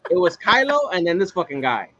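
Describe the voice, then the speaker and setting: Brief: man, slightly high voice, halting and profane, muffled lo-fi sound. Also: big pitch swings, pushed and bright. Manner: halting, heavy swearing. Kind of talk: casual chat.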